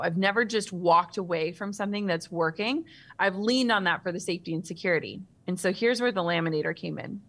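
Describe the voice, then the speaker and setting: A woman in her thirties, a guest author in an interview, telling a personal story in a vivid, animated way. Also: medium pitch.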